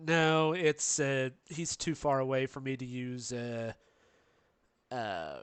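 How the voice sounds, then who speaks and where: A man's voice: medium pitch, slow, a bit bright, clear, resonant tone, dry recording. A man playing a tabletop game, chatting casually and laughing often, at times with a slight lisp. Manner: laughing often, lisping at moments. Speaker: tabletop player.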